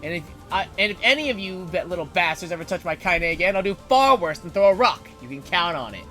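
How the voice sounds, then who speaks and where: Here is a man voicing a gruff old grandmother from a storybook reading. She is tiny, foul-mouthed and fierce, and she scolds in a high, bright voice. Faint music plays under the read-aloud. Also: expressive, fast talker. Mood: scolding.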